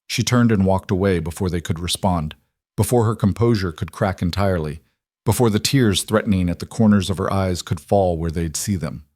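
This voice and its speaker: Man reading a western story, lowish voice, dry close mic. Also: darkish tone, no room sound. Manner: measured storytelling. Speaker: narrator. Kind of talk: scripted narration.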